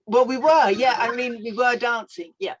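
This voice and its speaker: An older woman telling a personal story as a guest speaker, reflective and animated, with frequent fillers. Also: on the high side, normal speed, a crowd in the background, low-quality recording.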